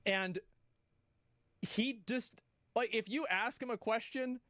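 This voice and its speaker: A man streaming, reacting to a video in an excitable way, swearing and exclaiming. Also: extremely high pitch, takes it slowly, no echo, clean studio sound. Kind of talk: casual reaction commentary.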